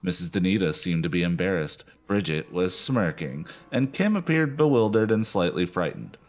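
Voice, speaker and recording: A man's voice: low voice, lively intonation, normal speed, faint music behind. A man co-hosting a podcast, reading a novel aloud expressively. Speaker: podcast co-host.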